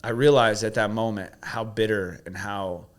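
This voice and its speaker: A man's voice: lowish voice, fairly even intonation, normal speed. A man coaching his host through questions, then telling a personal story with emotion. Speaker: guest coach.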